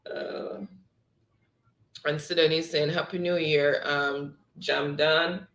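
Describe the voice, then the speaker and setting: Slow, high-voiced man hosting. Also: level tone, a bit bright, reverberant. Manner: reads out players' chat answers, laughing often. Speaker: game show host. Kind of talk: live-stream quiz hosting.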